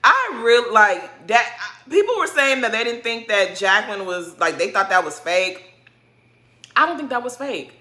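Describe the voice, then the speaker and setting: A woman's voice: fairly high pitch, sing-song, normal speed, pushed and bright. A woman giving a casual, blunt recap of a reality TV episode, swearing freely and full of slang. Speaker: recap host.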